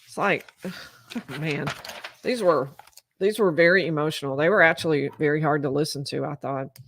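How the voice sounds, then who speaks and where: A woman's voice: sits low, moderate pace, fairly bright tone. A woman host giving live legal commentary. She reads from her notes and comments on them thoughtfully, correcting herself now and then. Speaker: lawyer and show host.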